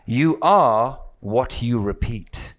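This is a man teaching spirituality to a live group, his voice medium in pitch and expressive. He talks slowly and deliberately, leaning on repeated phrases and asking the audience rhetorical questions.

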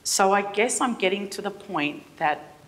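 A middle-aged woman with an Australian accent giving a conference keynote in an impassioned, halting way, often restarting her sentences. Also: mid-range voice, lively intonation, fairly bright tone. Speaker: keynote speaker. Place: theatre forum stage.

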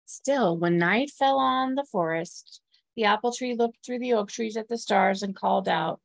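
A woman's voice: mid-range voice, normal speed, vocal fry, dry recording. Woman reading a picture book aloud. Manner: warm, asks listeners questions. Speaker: temple staff or clergy storyteller.

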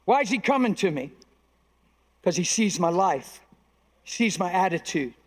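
High-voiced preaching man in a hall. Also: animated, normal speed. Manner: emphatic preaching, acting out quoted dialogue in stories. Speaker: pastor. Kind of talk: sermon. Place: large conference hall. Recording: long reverb of a large hall.

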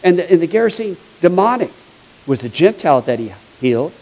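A man's voice: high-pitched, sing-song, fairly quick, a little mellow, low-quality recording. A man preaching a sermon as a pastor, telling stories in a chatty, humorous way. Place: church sanctuary.

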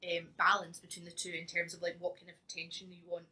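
A woman's voice: lowish voice, completely flat delivery, fast talker, sharp tone. A young woman from Scotland, teaching a singing lesson as a vocal coach, talking chattily and often laughing.

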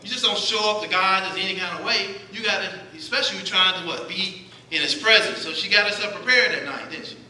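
In a church sanctuary, a man with a high, bright, forceful voice preaches a sermon at a fast clip. He poses questions to the congregation and answers them himself. The recording is echoey, captured by a distant mic in the church hall.

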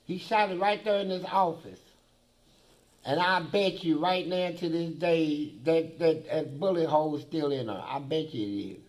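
A man's voice: fairly high pitch, normal speed, a little mellow. A man being interviewed who tells blunt, profane stories about prison life in a vivid, swearing manner. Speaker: interview guest.

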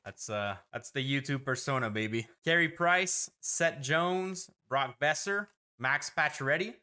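A man hosting a casual card-opening video, reading player names in quick lists with frequent excited exclamations. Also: a little high. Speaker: host opening hockey card packs.

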